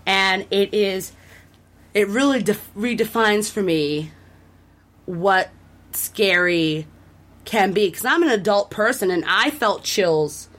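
A woman's voice: medium pitch, animated, takes it slowly, a bit bright. A woman co-hosting a casual podcast, recapping a horror video game in a rambling, enthusiastic way with lots of fillers and restarts. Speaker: podcast co-host.

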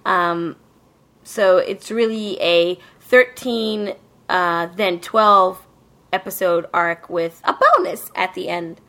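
A woman's voice: lowish voice, steady tone, takes it slowly, a bit bright. Rambling, profane woman recapping an anime. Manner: rambling, profane, lots of fillers. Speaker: podcast host. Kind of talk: casual anime recap chat.

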